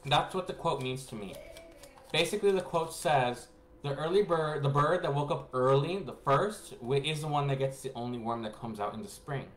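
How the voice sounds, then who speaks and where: A man telling a rambling personal story to his viewers. He laughs often and swings between hushed asides and excited bursts. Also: medium pitch, moderate pace. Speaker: spiritual reader and vlogger. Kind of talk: casual rambling storytelling to camera. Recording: echoey room with faint background noise.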